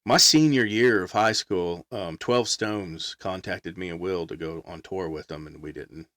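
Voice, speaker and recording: A middle-aged man telling stories in casual chat, animated, acting out quotes and laughing often. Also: low-pitched, measured pace, no echo. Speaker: guest musician.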